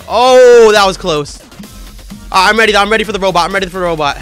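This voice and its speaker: A man's voice: sits high, fairly quick, soft background music. A young man playing a game for his channel while eating hot sauce, talking in casual slang and yelping and groaning from the spice. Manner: excitable, yelps and groans from the spice. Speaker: gaming YouTuber. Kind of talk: gaming vlog with hot sauce challenge.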